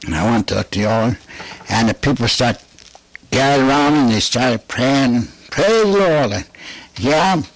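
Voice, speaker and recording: A man's voice: mid-range voice, moderate pace, long pauses, dry recording. A man giving a fervent spoken religious testimony. He laughs often between phrases and repeats key phrases with rising emphasis.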